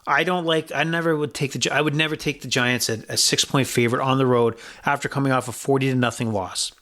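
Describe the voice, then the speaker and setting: A man's voice: medium pitch, fairly even intonation, quick pace, a bit bright. A man hosting a sports betting podcast, giving blunt, rambling picks with profanity and frequent restarts. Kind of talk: casual sports betting talk.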